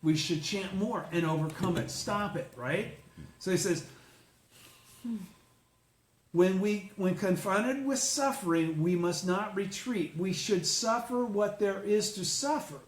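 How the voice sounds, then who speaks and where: Man, study group leader, explaining and questioning, high-pitched, roomy sound. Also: slow. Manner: explains a text, checks in with listeners; blunt, swears casually. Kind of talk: informal religious study talk. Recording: roomy echo.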